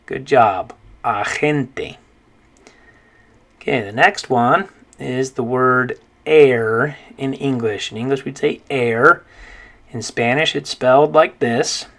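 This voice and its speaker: A man giving a recorded pronunciation lesson in a patient, mid-pitched voice. He stretches out each practice word and repeats it, checking in often with "okay?". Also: takes it slowly, a bit bright. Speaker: Spanish teacher.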